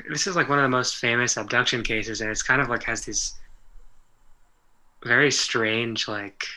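A man co-hosting a casual podcast conversation, halting and filling almost every phrase with "like.". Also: mid-range voice, bright, forceful tone, low-quality recording.

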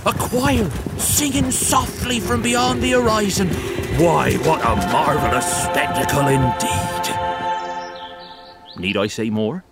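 A man's voice: mid-range voice, takes it slowly, creaky, long pauses, over loud music. A man voicing a dim, boastful rustic farmer who rambles proudly about his horses in a comedy sketch.

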